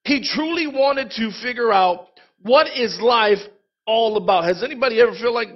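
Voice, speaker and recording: A man delivers a lively, conversational sermon and keeps calling out to his congregation. His voice sits high for a man. The recording is dull and lo-fi. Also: moderate pace. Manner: lively, conversational preaching with congregation call-outs. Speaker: pastor.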